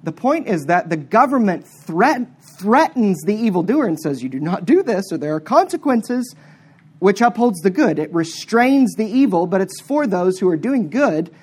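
Emphatic preacher with sharp swings. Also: medium pitch, breathy edge. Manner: emphatic, with sharp swings between loud stressed words and quiet asides. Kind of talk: sermon.

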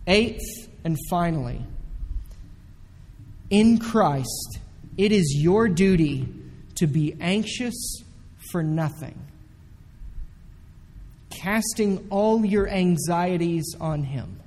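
A pastor preaching a sermon with emphasis, repeating the key commands again and again. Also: medium pitch. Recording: long echoey hall reverb.

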